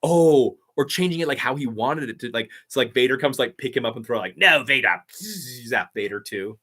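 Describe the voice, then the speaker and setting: A man's voice: medium pitch, quick pace, fairly bright tone. A man running a live stream Q&A, answering chat in an enthusiastic, rambling way full of fillers. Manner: enthusiastic, rambling fan talk with many fillers.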